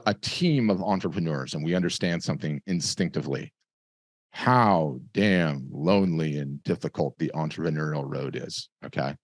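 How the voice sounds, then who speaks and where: A middle-aged man hosting a webinar over a video call, giving a lively, conversational sales pitch. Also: dry recording, studio quality. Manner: lively, conversational, tells stories with acted voices. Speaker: webinar host.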